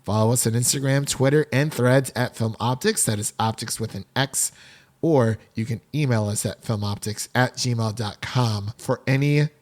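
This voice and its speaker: A man's voice: medium pitch, normal speed, a little mellow. A man hosting a film podcast in a casual, upbeat, chatty way, laughing often between remarks. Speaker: podcast host.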